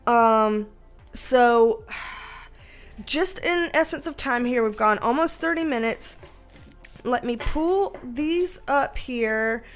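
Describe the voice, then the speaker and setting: A woman's voice: a little high, expressive, slow pace, faint music behind. A woman giving a casual tarot reading on video, chatty and emotional, rambling with many fillers. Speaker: tarot reader.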